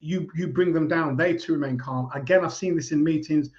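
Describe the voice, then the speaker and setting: Guy talking calm and measured, fairly high voice, dull lo-fi sound. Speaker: speaker giving life advice. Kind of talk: casual advice talk.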